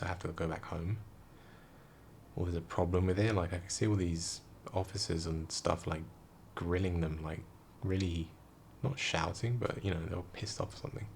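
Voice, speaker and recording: A young man talks in a hushed, tired voice, keeping it down so he won't wake anyone. His voice sits very low and turns gravelly and fried. A faint hiss sits under the talk. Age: young adult. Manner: hushed, quiet, rambling talk. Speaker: vlogger. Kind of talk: casual storytelling vlog. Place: room indoors at night.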